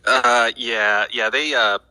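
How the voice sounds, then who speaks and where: A man's voice: mid-range voice, fairly even intonation, slow, pushed and bright, no room sound, low-quality recording. A man speaking guardedly, hesitating with many fillers and choosing words carefully. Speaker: guest speaker.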